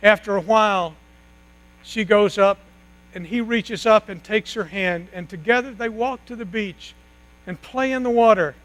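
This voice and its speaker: A man with a high voice preaches a sermon. He tells the story with slow, dramatic pauses and drops to a near hush at key moments. A steady mains hum sits under his voice. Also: low-quality recording. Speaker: pastor.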